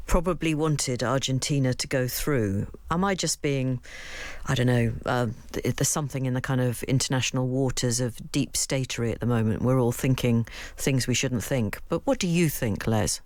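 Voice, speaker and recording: A woman's voice: extremely low pitch, normal speed, a little mellow, dry recording. A woman radio host interviewing a guest in a wry, conversational way.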